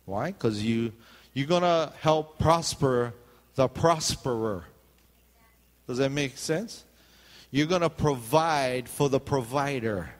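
A male pastor delivering a sermon. He jokes as he goes and keeps calling out for the congregation to answer him. His voice sits at a typical middle pitch. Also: slow, long reverb tail. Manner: joking, calls out for "amen" responses.

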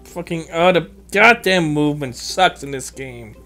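A woman's voice: low-pitched, animated, unhurried, fairly bright tone. A young woman giving let's play commentary, muttering to herself and cursing in frustration at a puzzle. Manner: exasperated, swearing, muttering to herself. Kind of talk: video game commentary. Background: faint game music.

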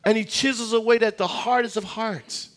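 A high-voiced man delivers a sermon as a guest pastor. He tells stories with acted-out voices and leans into slow, weighty phrasing on key points. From United States. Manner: animated storytelling, acts out voices in anecdotes; preaching with dramatic slowdowns on key phrases.

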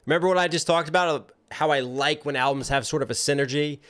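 A man's voice: on the high side, fast talker, a bit bright, a little hiss or hum. Enthusiastic man breaking down rap verses. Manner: enthusiastic, breaks down rhymes and flows, hums along. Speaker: music reaction streamer host. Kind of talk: live reaction commentary.

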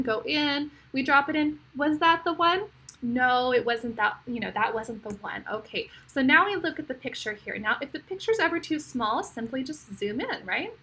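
A young woman walks through a learning game as a speech therapist, talking in a chatty, encouraging way and checking in with listeners as she goes. Her voice is bright and a little husky, set somewhat high. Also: poor audio. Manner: chatty, encouraging, often tags "right?" and "okay?". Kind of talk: casual screen-share tutorial.

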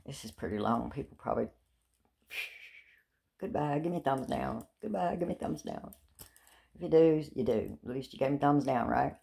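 Low, gravelly-voiced woman. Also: normal speed, mellow. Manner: rambling and chatty, with repeated words and self-mocking laughs. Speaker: vlogger. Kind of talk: casual talk to camera. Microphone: handheld phone.

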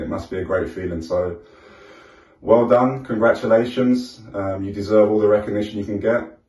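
Deep, flat-voiced man in an echoey room. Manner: sincere, with small restarts. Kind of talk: casual video message. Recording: echoey room, mic at a distance.

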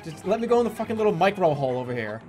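A young man with a high, lively voice, chatting and swearing his way through a game stream. He rambles, laughs often and jumps up and down in pitch. Game music runs clearly underneath. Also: rapid-fire. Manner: rambling, profane, laughs a lot. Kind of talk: casual let's-play commentary.

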